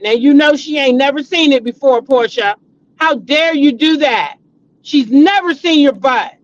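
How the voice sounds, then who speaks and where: A middle-aged woman hosting a casual celebrity gossip vlog, talking to her viewers in an animated, dramatic, chatty way. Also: high voice, a little slow. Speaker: vlogger, show host. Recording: dull lo-fi recording.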